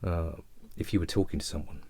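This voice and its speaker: A man's voice: sits low, steady tone, fairly quick, darkish tone, slightly rough, no room sound. A man giving a casual jazz guitar lesson over a video call, chatty and self-mocking as he rambles on. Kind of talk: casual teaching chat. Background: faint guitar.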